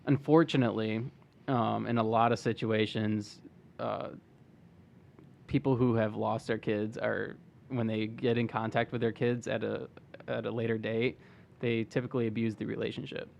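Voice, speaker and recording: A man's voice: fairly low pitch, little pitch movement, gravelly, a little mellow, a little hiss or hum. A man hosting a podcast, chatting casually with his guest and reacting sympathetically. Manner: sympathetic, quick short reactions. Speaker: podcast host. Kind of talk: casual interview chat.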